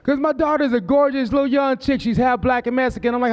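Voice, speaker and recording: A man's voice: very high voice, a little fast, lo-fi sound. A man in his forties from Southern California doing a stand-up comedy set on a club stage. He tells brash, profane stories and slips into quoted voices. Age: 40s.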